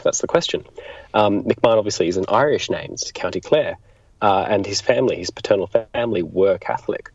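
A man's voice: lowish voice, brisk, breathy edge, no room sound. A man being interviewed as a political biographer, explaining thoughtfully and often restarting his sentences. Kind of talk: conversational history interview. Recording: dull lo-fi sound.

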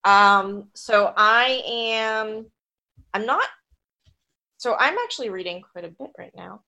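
An American woman in a casual podcast chat, talkative and quick to laugh, often restarting her sentences. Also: medium pitch, vocal fry, bright, forceful tone. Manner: chatty, laughs easily, many restarts.

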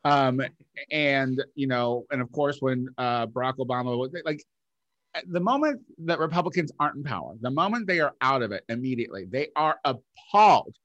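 A man's voice: medium pitch, animated, normal speed, fairly bright tone, no echo, highs cut off. Man, podcast co-host, casual rambling chat, swears a lot, dry close sound. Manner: rambling, profane, many filler likes.

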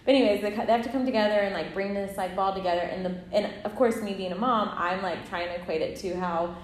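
A woman in her thirties co-hosting a casual faith podcast, chatty and animated, laughing often. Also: medium pitch, quick pace. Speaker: podcast co-host. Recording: echoey room.

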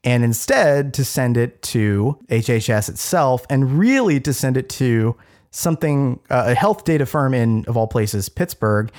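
A man's voice: medium pitch, lively intonation, a little slow, darkish tone. A man co-hosting a casual talk podcast, explaining a news story with frequent fillers, restarts and wry asides. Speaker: podcast co-host. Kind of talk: casual chat.

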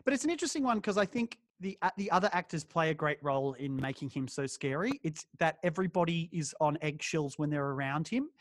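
A man's voice: fairly high pitch, animated, fast talker, few pauses, no room sound, studio quality. A man co-hosting a podcast, casually discussing a film and enthusiastically retelling scenes. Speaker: podcast co-host.

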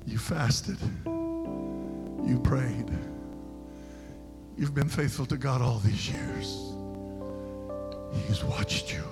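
A male pastor preaching a sermon, telling a story quietly and then shouting his points. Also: medium pitch, extremely slow, vocal fry, long pauses, long reverb tail, loud music behind the voice.

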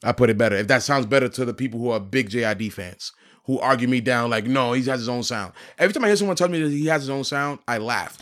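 A man's voice: mid-range voice, fast talker, a bit bright. A man co-hosting a podcast in casual chat, blunt and emphatic, hammering his points by repeating them. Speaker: podcast co-host.

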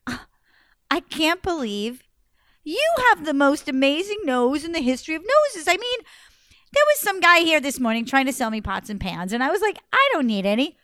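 A woman voicing a clever, chatty young woman held by a giant, talking in brisk, sassy, flattering bursts. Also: on the high side, no echo, studio quality.

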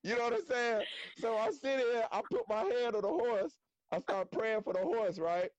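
A man telling a story in casual slangy talk on a live stream, animated and acting out quotes. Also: very high-pitched, moderate pace, no echo, dull audio. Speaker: guest storyteller.

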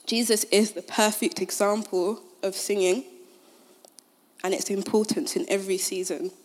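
A young woman gives a casual, conversational sermon. She leans on fillers and modern slang as she retells the story. Her voice sits at an ordinary middle pitch. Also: steady tone, normal speed, darkish tone. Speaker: speaker at a Christian gathering.

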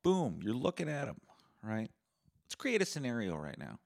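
A man's voice: mid-range voice, normal speed, vocal fry. A young man from Canada hosting a podcast, delivering a sarcastic, profane solo rant. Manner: sarcastic, profane, animated ranting. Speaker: podcast host.

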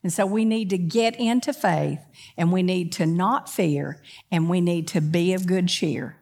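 A woman with a fairly low, gravelly voice preaches a sermon, shifting between loud, emphatic preaching and quick conversational asides. She often puts questions to her congregation.

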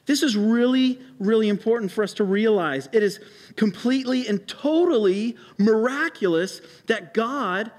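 Pastor, male, higher-pitched voice, preaching in a church hall with long reverb. Halting storytelling that grows emphatic. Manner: halting storytelling with many restarts and fillers, rising to emphatic preaching. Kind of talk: sermon.

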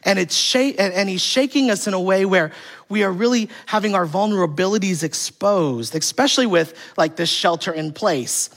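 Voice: mid-range voice, moderate pace, a bit bright. Pastor, conversational sermon, humorous storytelling, acts out family dialogue, rhetorical questions. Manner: asks the congregation rhetorical questions.

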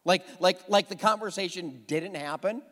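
A man's voice: sits high, normal speed, fairly bright tone, big-room sound. A middle-aged male pastor preaching a sermon to his congregation, telling stories with self-deprecating humor. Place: church sanctuary with a congregation.

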